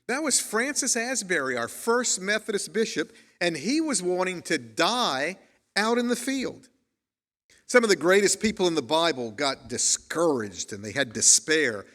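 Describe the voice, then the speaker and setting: A male pastor delivers his sermon with earnest, storytelling warmth, pausing to read quotations aloud. His voice sits a little high for a man. A long church reverb trails after every phrase. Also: very animated. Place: church sanctuary.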